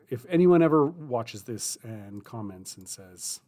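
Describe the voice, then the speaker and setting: A man's voice: mid-range voice, sing-song. A man hosting a writing livestream, chatty and self-mocking, thinking aloud as he goes. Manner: chatty, self-mocking, thinks aloud; mutters his draft slowly and softly. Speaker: streamer hosting writing sprints. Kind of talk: casual livestream chat, then muttering while writing.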